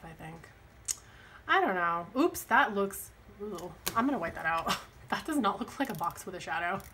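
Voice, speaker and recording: A woman's voice: mid-range voice, noisy background. A young woman with a light lilt, chatting and rambling as she decorates her planner, often laughing at her own mistakes. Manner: rambling, chatty, self-deprecating. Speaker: planner vlogger. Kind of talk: casual chat while planning.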